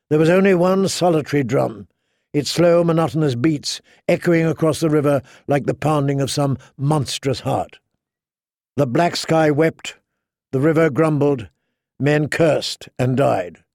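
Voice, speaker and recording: Gravelly male audiobook narrator. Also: fairly high pitch, a little mellow, dry recording, studio quality. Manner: measured, slowing for dramatic beats. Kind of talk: scripted narration.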